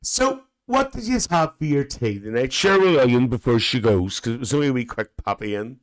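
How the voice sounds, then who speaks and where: A man playing a cheeky, gossipy older aunty character, hosting a live chat with viewers in camp, chatty talk broken by cackling laughs and shrill high exclamations. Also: lively intonation, fairly quick, natural voice. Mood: chatty gossip.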